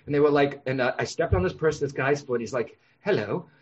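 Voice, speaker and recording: Man, husky voice, medium pitch, guest on a podcast, animated storytelling, dull sound. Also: fast. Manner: animated, acts out voices in anecdotes.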